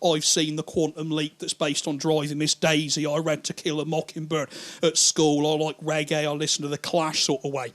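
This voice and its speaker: A male stand-up comedian telling long anecdotes in an animated, rambling way, crude and quick to swear. His voice sits a little higher than most men's. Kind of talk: stand-up storytelling.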